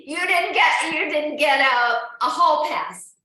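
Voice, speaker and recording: This woman's voice is high, bright, and pushed, and she takes her time speaking. She's coaching an indoor cycling class online and live, cheering the riders on and checking in with each by name, all in a very echoey room.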